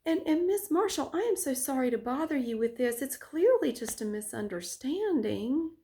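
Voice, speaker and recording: A woman's voice: sits high, very animated, normal speed, warm tone, voice pushed up. A woman voicing a two-faced male teacher who stammers and fawns in false innocence. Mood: syrupy apology.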